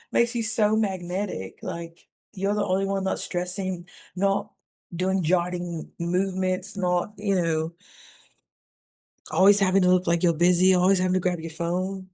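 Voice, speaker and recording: A woman's voice: on the low side, dark tone. A woman talking casually to camera in a vlog, candid and chatty, giving motivational advice. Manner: candid, chatty, motivational, lots of "you know". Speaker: vlogger.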